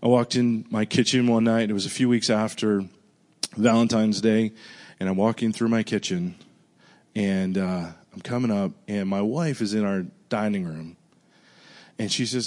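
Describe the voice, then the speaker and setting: A man preaching a sermon, speaking casually and earnestly, dropping to a hushed voice when he recalls his prayers. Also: moderate pace. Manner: bursts of excited high-pitched exclamation. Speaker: pastor. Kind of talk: storytelling sermon.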